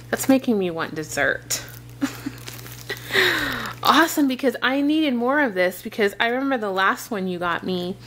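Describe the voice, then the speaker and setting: A young woman gushing over gifts in an excited unboxing vlog, gasping and repeating exclamations of delight. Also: medium pitch, a little hiss or hum.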